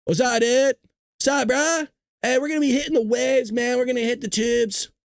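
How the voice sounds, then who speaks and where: A man's voice: extremely high pitch, steady tone, normal speed, gravelly, pitched above the performer's own voice. A man putting on the voice of a laid-back young male California surfer, slangy and drawling.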